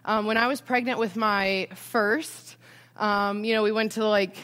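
A woman's voice: mid-range voice, fairly even intonation, unhurried, a bit bright, clean tone. A young adult woman giving a casual Christian parenting talk in a conversational way, often checking in with "right?".

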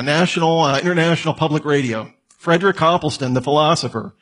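Guy lecturing casually, husky and a bit high, lots of questions to the listener. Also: fairly bright tone. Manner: conversational, asks the listener questions, joking asides. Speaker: apologetics teacher. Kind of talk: lecture on evidence.

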